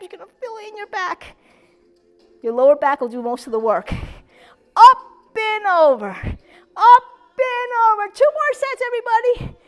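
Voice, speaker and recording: A woman fitness instructor leading a seated strength class, upbeat and encouraging, with loud whoops and a slightly winded voice. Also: sits high. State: a little out of breath.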